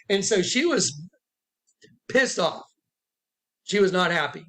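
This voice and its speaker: A man's voice: sits high, lively intonation, measured pace, pauses often, sharp tone. A man, a self-described prophet, telling an emotional story to followers sitting with him indoors, acting out the voices he quotes. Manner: emphatic, acts out quoted voices. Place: indoors with listeners present.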